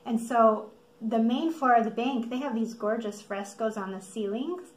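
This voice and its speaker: A woman's voice: a little high, normal speed. Chatty American woman in an echoey room. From United States. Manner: animated, acts out quotes, laughs often. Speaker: vlogger. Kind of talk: casual storytelling.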